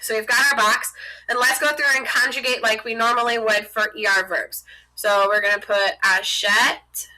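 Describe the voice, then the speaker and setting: A young woman teaching French, casual and chatty, narrating as she writes on a board. Her voice is very bright and a touch high. She explains step by step without any formality. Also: fairly even intonation, moderate pace, poor audio. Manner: talks while writing on a board, chatty and informal.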